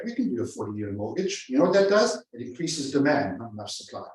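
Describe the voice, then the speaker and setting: A man with a somewhat low, slightly mellow voice leads a live seminar for real estate agents, speaking briskly with few pauses and lively intonation. As their sales trainer he is emphatic and likes to repeat phrases for effect, and the large room sounds echoey, recorded from afar.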